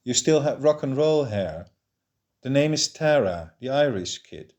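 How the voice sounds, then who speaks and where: A man reading the lines of a bold, chatty young Irish newcomer in a first-person story, eager and quick to explain. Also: medium pitch, animated, a little mellow, pitched above the performer's own voice, natural voice.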